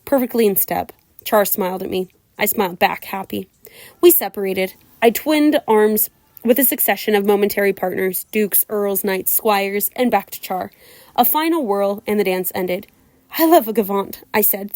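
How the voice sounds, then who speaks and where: A woman reads a novel aloud in an even, mid-pitched voice. The sound is dry and close, with no room around it. She keeps the characters' lines near her own voice. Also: no echo. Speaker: audiobook reader.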